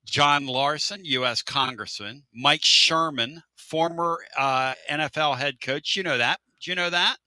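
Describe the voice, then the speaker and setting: A middle-aged man hosting a casual sports radio show, joking, with loud outbursts and drawn-out catchphrases. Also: a little high, dry recording.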